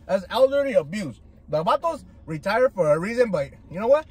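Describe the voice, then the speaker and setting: A man's voice: high voice, sing-song, fairly quick, a little mellow, slightly rough. A man from Southern California, telling stories in a profane, slangy way with Spanish words mixed in while he eats. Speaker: food vlogger. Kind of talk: casual chat while eating.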